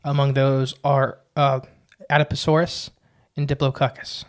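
A man's voice: fairly high pitch, normal speed. A man co-hosting a casual podcast, talking in a chatty, rambling way with lots of "uh" and "like". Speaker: podcast co-host.

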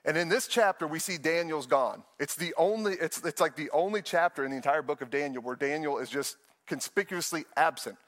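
A young man, a pastor, preaching a sermon with animated storytelling and playful asides. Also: a little high, a little fast, hardly any pauses, in a large hall.

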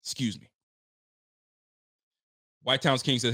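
Hosting a live sports stream, a young man delivers a frustrated, animated rant, swearing freely and at times impersonating players. He speaks at normal speed in a fairly high, fairly bright voice.

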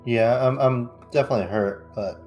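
A man's voice: medium pitch, normal speed, lo-fi sound, soft background music. A man taking part as a player in a tabletop role-playing game, answering in a terse, matter-of-fact way.

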